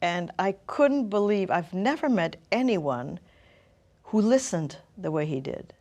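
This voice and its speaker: A woman's voice: medium pitch, animated, a little slow, darkish tone. A middle-aged woman telling her personal story as an interview guest, thoughtful and searching for words.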